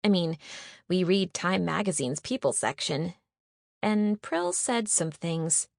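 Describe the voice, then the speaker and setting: Woman voicing a gossipy teen schoolgirl, eager, confiding, a bit higher, dry sound. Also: sing-song, takes it slowly, creaky, a little mellow, dry recording, heavily acted. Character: friendly chatty teenage schoolgirl roommate. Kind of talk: audiobook character voice.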